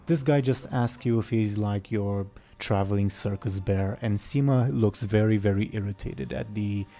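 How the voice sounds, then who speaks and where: A man's voice: lowish voice, normal speed, vocal fry, dark tone. A man running a tabletop game as game master, narrating hesitantly with many restarts and easy laughs.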